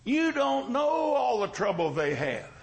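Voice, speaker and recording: A man's voice: very high voice, very animated, a little slow, vocal fry, poor audio. A male pastor preaching a sermon in a folksy, joking way, with emphatic repetition.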